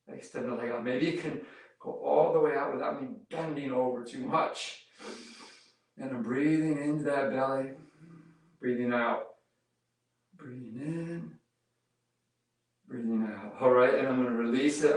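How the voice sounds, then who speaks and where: A man leading a yoga class, giving calm step-by-step cues while he demonstrates the poses and counts breaths. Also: medium pitch, normal speed. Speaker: yoga instructor. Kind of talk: guided yoga class instruction. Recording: roomy echo, mic far off.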